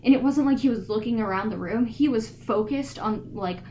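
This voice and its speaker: In a rough recording with slight background noise, a teenage girl co-hosting a chatty podcast recounts school stories fairly quickly. Her voice is a little high, and she performs the people she describes with lively energy.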